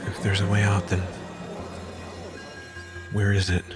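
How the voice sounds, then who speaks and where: A man's voice: fairly low pitch, completely flat delivery, unhurried, lightly acted. An actor playing a frightened man trapped and urgently looking for a way out. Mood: tense. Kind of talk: dramatic scene dialogue. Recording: loud music score behind.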